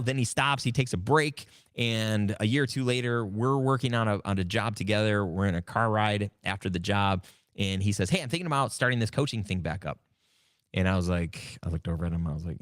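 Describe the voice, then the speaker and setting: Low voiced guy doing a solo podcast, dry close sound, tells stories and acts out old convos. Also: fast, dry recording. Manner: animated storytelling, acts out his own past dialogue. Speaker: podcast host. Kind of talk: casual solo podcast talk.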